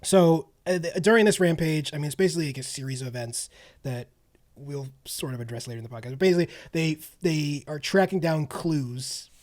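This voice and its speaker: A podcast co-host with a voice on the high side and a darkish tone retells a film's plot briskly in wry, casual film-review chat. He laughs often and trails off with ums.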